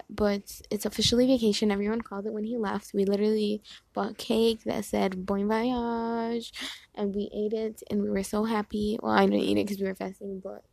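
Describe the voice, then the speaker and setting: A woman's voice: mid-range voice, vocal fry, a little mellow, no echo. A young woman in casual chat, telling a rambling, exasperated story and acting out other people in quoted asides. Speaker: vlogger.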